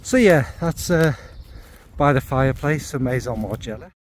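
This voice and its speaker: A man's voice: medium pitch, expressive, moderate pace, slight background noise. A man reviewing fragrances in a casual, rambling and joking way, with many fillers and restarts.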